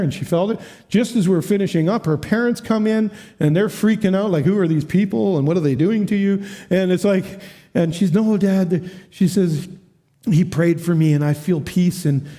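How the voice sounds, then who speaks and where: A man preaching as a guest speaker at a church, telling a story with lively quoted voices and frequent laughs. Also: fairly high pitch. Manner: animated, acts out quoted voices, laughs often. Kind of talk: storytelling sermon.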